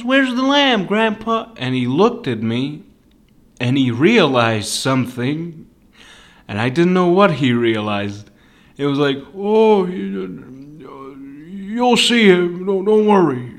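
A man's voice: medium pitch, a bit bright. A young man from Serbia hosting a casual solo podcast, telling rambling stories full of swearing and self-mocking jokes. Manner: profane, rambling, self-mocking, laughs at his own jokes. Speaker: podcast host.

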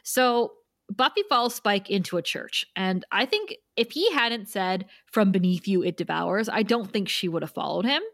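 A woman's voice: on the high side, very animated, normal speed, fairly bright tone, no echo, studio quality. A woman co-hosting a podcast, casually recapping an episode and laughing often. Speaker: podcast co-host.

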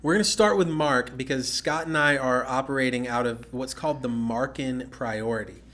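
A man's voice: mid-range voice, normal speed. Man explaining scripture to a co-host. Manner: explanatory, steady, with frequent "okay?" checks. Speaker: podcast co-host. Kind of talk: casual Bible-teaching chat.

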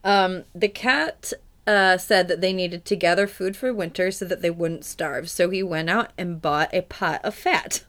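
A woman's voice: fairly low pitch, a little slow, fairly bright tone. A woman co-hosting a podcast, casually retelling a fairy tale with wry asides and swearing. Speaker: podcast co-host. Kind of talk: casual storytelling chat.

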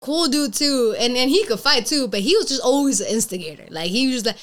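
A young woman, a podcast guest, chatting casually and acting out quoted lines in animated stories, laughing often. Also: sits high, fast talker. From Cuban family background. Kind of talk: casual chat.

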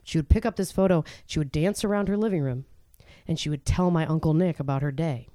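A woman in her thirties performing a stand-up comedy set on a club stage, brash and animated, jumping into high exasperated outbursts. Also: a little fast, no room sound. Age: 30s. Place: comedy club stage before a live audience.

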